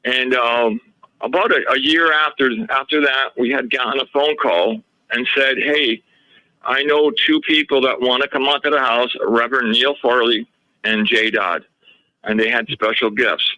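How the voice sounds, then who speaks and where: A man's voice: medium pitch, steady tone, normal speed, bright, forceful tone, dry recording, low-quality recording. A man talking as a radio show guest, telling a long story in a rambling way and often quoting what others told him. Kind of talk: casual interview storytelling.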